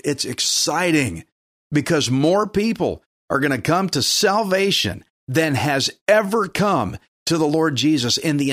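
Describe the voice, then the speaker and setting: A man's voice: fairly high pitch, fairly bright tone, no room sound. Emphatic male preacher, dry close sound. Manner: urgent, emphatic, exhorting. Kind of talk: sermon.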